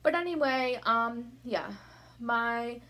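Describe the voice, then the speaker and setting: A woman's voice: fairly high pitch, takes it slowly, bright, forceful tone. A young woman chatting to camera from her room at night, a little out of breath, rambling from topic to topic. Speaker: vlogger. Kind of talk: casual chat to camera. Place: bedroom at home, at night.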